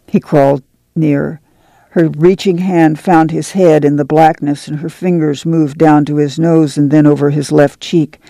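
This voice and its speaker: Measured male audiobook narrator, low gravelly timbre. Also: little pitch movement, dark tone, no echo, low-quality recording. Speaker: audiobook reader. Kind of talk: scripted narration.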